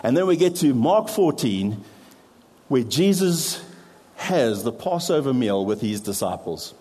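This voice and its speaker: A man preaching to a congregation, his voice mellow and dark in tone. He explains patiently and steps aside now and then to poke fun at himself. Long reverb hangs around his words in the hall. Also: medium pitch, sing-song, a little slow, slightly rough. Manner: explains with props, self-deprecating asides. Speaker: pastor. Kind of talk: sermon.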